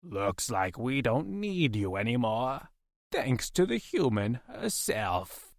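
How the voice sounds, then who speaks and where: A man voicing a menacing male alien interrogator who speaks slowly and coldly. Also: medium pitch, big pitch swings, dry recording, clean studio sound. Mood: taunting.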